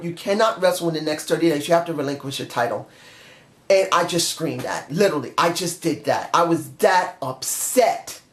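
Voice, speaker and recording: A man giving an emotional, passionate review in a casual monologue straight to his viewers. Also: sits high. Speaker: wrestling show reviewer. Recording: echoey room.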